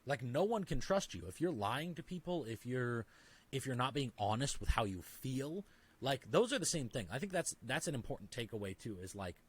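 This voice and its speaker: A man's voice: mid-range voice, animated, normal speed, slightly rough. A man talking as a podcast guest in casual conversation, emphatic and full of "like"s, often acting out little dialogues in other voices. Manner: filler-heavy, talks with many "like"s.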